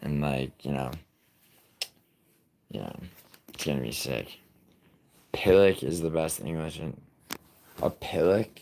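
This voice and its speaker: A man's voice: very deep voice, lively intonation, slow pace, creaky, pauses often, darkish tone, slight background noise. A young man streaming live, chatting casually and rambling with lots of swearing and laughter. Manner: profane, rambling, laughs often. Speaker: livestreamer. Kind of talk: casual live reaction chat.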